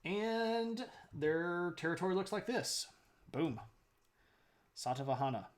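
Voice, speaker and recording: A man's voice: sits high, expressive, slow. A man streaming a casual history lecture, chatty, greeting viewers and laughing often.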